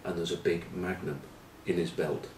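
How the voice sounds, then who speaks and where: A man's voice: low-pitched, flat delivery, moderate pace, a little mellow, slight background noise. A man, a former rugby player, chatting casually as a pundit and telling loose anecdotes full of ums and uhs. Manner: rambling storyteller, full of ums and uhs, dry banter. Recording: roomy, from a distant mic.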